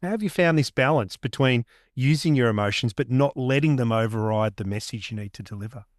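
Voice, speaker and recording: Male host, 50s, conversational and thoughtful, medium pitch, dry recording. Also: brisk, no room sound. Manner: conversational, thoughtful, long-winded questions. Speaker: podcast host. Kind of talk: interview questions.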